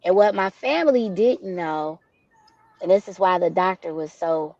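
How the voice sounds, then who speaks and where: A woman's voice: on the low side, animated, normal speed, a little mellow, no room sound. A woman from Detroit, speaking as a guest in an interview, telling a personal story in a candid, heartfelt way. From Detroit, USA. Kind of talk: interview conversation. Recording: dull, dry lo-fi audio.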